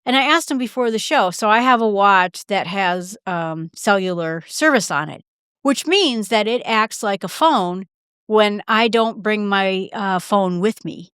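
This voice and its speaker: A woman's voice: medium pitch, fairly bright tone, clear, resonant tone, dry recording, studio quality. A woman hosting her own podcast, talking casually with fillers and restarts and acting out little conversations. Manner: chatty, quick asides with fillers and restarts; acts out short quoted exchanges in her own voice. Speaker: podcast host. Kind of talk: casual solo podcast talk.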